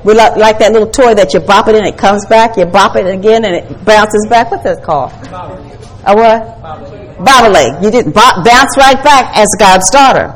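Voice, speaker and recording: A woman's voice: medium pitch, normal speed, poor audio. An older woman preaching a sermon to women, emphatic, quoting scripture and asking her listeners questions. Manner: emphatic, asks the audience questions, quotes scripture. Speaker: women's ministry speaker.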